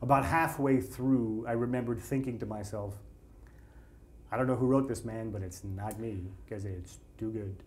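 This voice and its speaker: A man, a screenwriter guest on a talk show, telling animated anecdotes with quotes acted out in a casual chat. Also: lowish voice, normal speed, a little hiss or hum. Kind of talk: casual storytelling.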